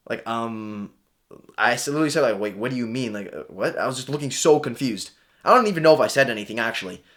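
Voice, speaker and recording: Young male vlogger with a slightly high voice, casual and animated, voices his own inner monologue. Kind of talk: casual storytelling to camera.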